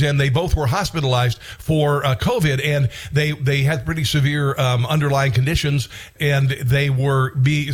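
Rambling, indignant male talk host. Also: a little high. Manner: rambling and indignant, with many restarts and bursts of outrage. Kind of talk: political commentary monologue.

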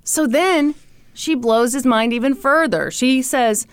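A woman co-hosting a podcast, telling a story with playful teasing and dramatic pauses. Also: sits high, noisy background. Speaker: podcast co-host. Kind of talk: comedic storytelling.

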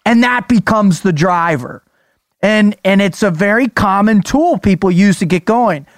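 A man's voice: high voice, expressive, unhurried, no room sound, studio quality. A male podcast host asking probing, conversational follow-up questions. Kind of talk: interview questions.

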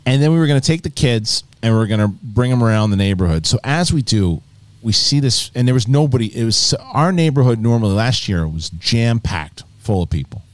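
Animated man hosting a panel show. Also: medium pitch, a little fast, no room sound. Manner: animated storytelling, swears, laughs often. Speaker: podcast host. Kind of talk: casual panel chat.

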